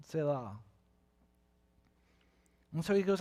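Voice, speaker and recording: Animated preacher in a reverberant hall. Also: male voice, high-pitched, normal speed, long pauses. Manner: animated, acts out voices and questions with big swings in loudness. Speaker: pastor. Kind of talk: sermon. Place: church sanctuary. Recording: long reverb of a church hall.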